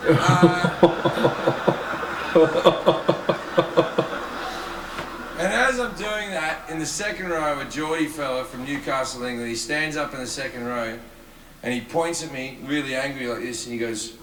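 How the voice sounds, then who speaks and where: A man's voice: fairly high pitch, slow pace, long pauses. A male stand-up comedian telling a crude anecdote on stage in front of a live audience. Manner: crude, swearing anecdotal delivery. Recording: echoey live venue with audience noise.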